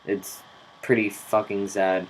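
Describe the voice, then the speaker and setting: Young man, relaxed unhurried delivery, casual swearing, diary-style vlog to camera. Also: lowish voice, breathy edge, rough recording. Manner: slow, rambling, swears casually. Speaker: vlogger.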